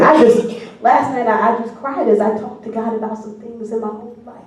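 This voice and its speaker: Woman pastor preaching, higher voice, echoey hall, mic set far off. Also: fairly even intonation, unhurried, darkish tone, a little hiss or hum. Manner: preaching with call and response, rising fervor. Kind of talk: sermon. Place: church sanctuary.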